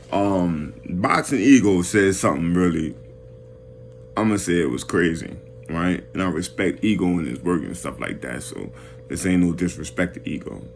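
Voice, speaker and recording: A man rants casually about boxing in a fairly low voice, piling on slang and repeating himself as he pushes his point. A faint hum runs under the recording. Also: vocal fry. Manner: animated, repetitive slang-heavy rant with many restarts. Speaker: boxing commentary vlogger. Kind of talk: casual boxing commentary rant.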